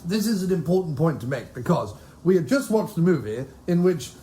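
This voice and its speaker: Podcast host guy, jokey and giggly, lively up-and-down voice, kinda dark tone. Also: a little high, fairly quick, slight background noise. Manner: jokey, giggly, riffing on puns. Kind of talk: casual chat.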